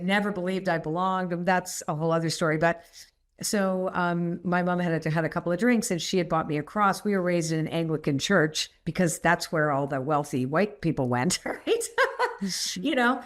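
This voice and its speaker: A middle-aged woman, a podcast guest, telling personal stories in a rambling, animated way and laughing often. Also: on the low side. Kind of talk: candid storytelling interview.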